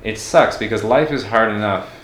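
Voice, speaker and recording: A man's voice: on the low side, moderate pace, a bit bright, echoey room, a little hiss or hum. A man from Mexico talking as a podcast guest, reflective and candid in a casual interview.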